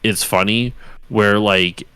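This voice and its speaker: Male co-host, lower register, dry close mic, eager rambling storyteller with plenty of "like"s. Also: steady tone, slow pace, sharp tone, clean tone, no echo. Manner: enthusiastic rambling storyteller, swears casually, many fillers. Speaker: podcast co-host. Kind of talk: casual chat.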